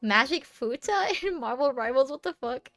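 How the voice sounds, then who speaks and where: A woman's voice: sits high, animated, normal speed, a bit bright. A young woman streamer chatting casually with her viewers, playful and teasing, giggling often and rambling with lots of fillers.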